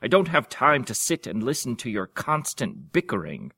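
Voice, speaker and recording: A man's voice: mid-range voice, sing-song, normal speed, sharp tone, husky, no echo, pitched above the performer's own voice, heavily acted. A man voicing a stern young king in a read-aloud story, speaking in a formal, commanding way. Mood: impatient.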